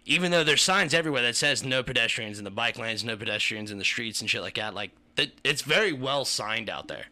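A man with a very bright, forceful voice tells a story in a loose, rambling way and swears constantly. He is a podcast co-host from the Kentucky tri-state area, talking casually with friends. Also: mid-range voice, brisk. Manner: profane, rambling, animated storyteller.

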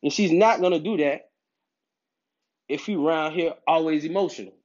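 A man's voice: on the high side, moderate pace, darkish tone. A man giving dating advice to other men in a casual monologue, emphatic and preachy, with streetwise slang. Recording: dull lo-fi recording.

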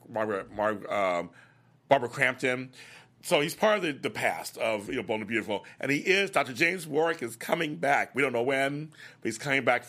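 Here's a man hosting a soap opera after-show in a mid-range voice. Eager and gossipy, he chats his way through the week's recap and acts out lines from the characters.

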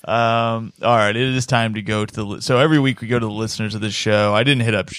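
Male podcast host, casual chat, quick and laughing, dry close mic. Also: fairly low pitch, steady tone, fairly bright tone, clean tone, no echo. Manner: fast, laughing, retells scenes acting out lines.

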